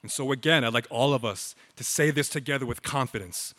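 Pastor, male, slow emphatic sermon delivery, bright tense tone, reverberant hall. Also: medium pitch. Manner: slow, emphatic preaching with dramatic pauses.

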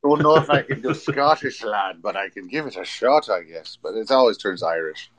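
A man's voice: fairly low pitch, expressive, moderate pace, a bit bright. A man chatting and teasing as a co-host on a casual livestream. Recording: noisy chatter in the background.

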